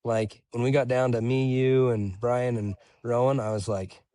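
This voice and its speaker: A young man telling race stories in relaxed casual chat, dropping "dude" and "bro" as he goes. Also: mid-range voice, moderate pace, no room sound. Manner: laid-back, says "dude" and "bro" a lot. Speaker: podcast guest, ultramarathon runner.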